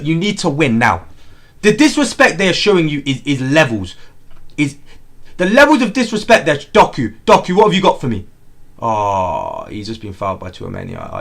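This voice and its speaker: Young man, live football watchalong host, excitable, lively pitch swings, bright voice. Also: vocal fry. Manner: excitable, repeats himself, swings from outraged shouts to muttering. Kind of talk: live match watchalong commentary.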